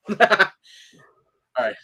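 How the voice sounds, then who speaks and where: A man's voice: pushed and bright, low-quality recording. A man co-hosting a live podcast, chatting casually and laughing often. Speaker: podcast co-host. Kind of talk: casual chat.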